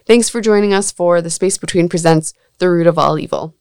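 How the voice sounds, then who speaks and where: A woman's voice: fairly low pitch, fairly quick, a little mellow, clean tone, no room sound, studio quality. A woman hosting a podcast in casual chat, chatty and blunt, with a sarcastic edge and frequent laughter. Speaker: podcast host.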